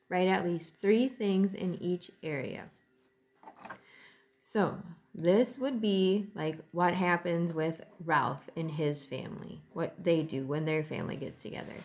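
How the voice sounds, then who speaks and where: A woman's voice: fairly low pitch, darkish tone. A woman teacher reading a chapter aloud to her class, with friendly asides.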